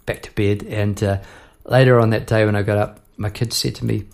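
A man's voice: lowish voice, fairly even intonation, brisk, vocal fry. A middle-aged man, a songwriter hosting his own podcast, chatting casually and rambling through stories with frequent restarts. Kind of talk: casual chat about songwriting.

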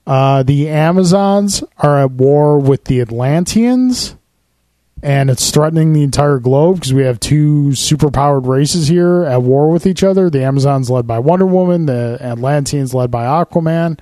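Fast-talking man explaining comic stories, dry mic. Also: on the high side, expressive, dark tone, dry recording. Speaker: podcast co-host. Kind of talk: casual chat about comics and films.

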